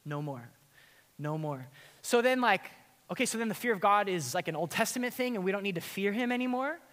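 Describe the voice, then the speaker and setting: A man preaching a sermon as a pastor, casual and animated, with many fillers and restarts. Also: sits high, brisk, long reverb tail.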